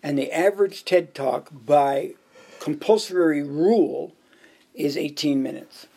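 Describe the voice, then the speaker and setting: A man preaching in a church, voice pitched a little high with a gravelly, husky edge. He delivers a sermon laced with joke stories and ticks through numbered points one by one. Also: measured pace, dark tone. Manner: jokey storytelling, counting off points. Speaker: pastor.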